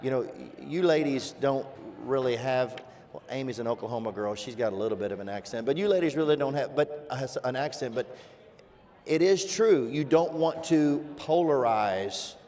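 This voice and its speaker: A man from Virginia with a softened Southern accent, hosting a casual panel discussion and telling folksy stories with lively asides. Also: mid-range voice, normal speed. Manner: folksy storyteller, animated asides.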